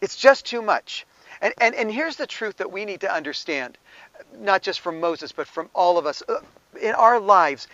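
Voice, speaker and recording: A man's voice: high voice, lively intonation, moderate pace, pushed and bright, dry recording, highs cut off. A male pastor preaching in a conversational way, with asides and small chuckles. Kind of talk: sermon.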